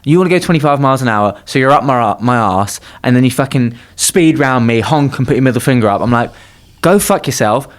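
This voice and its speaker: A man's voice: mid-range voice, fast, hardly any pauses. A young man co-hosting a podcast, ranting bluntly and swearing in casual chat. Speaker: podcast co-host.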